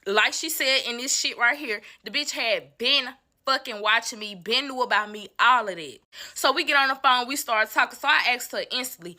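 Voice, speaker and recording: A woman's voice: on the high side, moderate pace, bright, forceful tone, no room sound, clean studio sound. A young woman casually telling a personal story to her viewers, blunt and full of swearing, calling them y'all. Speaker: storytime vlogger.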